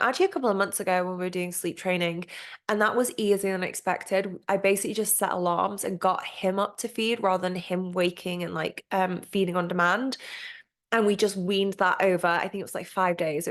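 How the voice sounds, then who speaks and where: A woman hosting her own podcast, chatting through a casual solo monologue with a middle-pitched voice. She gushes openly and swears freely. Her speech is loose and chatty, full of "like" and "um". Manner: candid, gushing and heavy on swearing; chatty with frequent "like" and "um" fillers. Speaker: podcast host.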